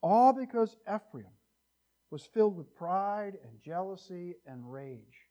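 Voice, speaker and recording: Male pastor, fairly high voice, lively sermon delivery with jokey asides, swings from quiet to loud. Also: slow, dull audio. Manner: animated, joking asides, varies loudness widely. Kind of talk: expository sermon. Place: church.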